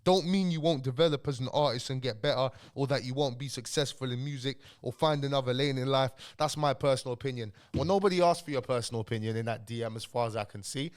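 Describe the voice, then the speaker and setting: A man's voice: medium pitch, fast talker, hardly any pauses. A young man giving blunt, heated reaction commentary, sounding ill. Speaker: YouTube commentator.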